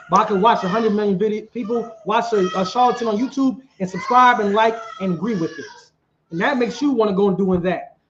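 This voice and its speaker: A man, preaching outdoors and quizzing the crowd in an animated way. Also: high voice, highs cut off, slight background noise. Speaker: street preacher. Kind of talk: street preaching debate.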